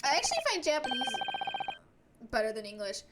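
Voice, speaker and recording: Playful high-voiced woman streaming a game. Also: wildly swooping pitch, brisk, very noisy. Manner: playful, jokey outbursts. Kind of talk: casual gameplay stream commentary. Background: loud game music.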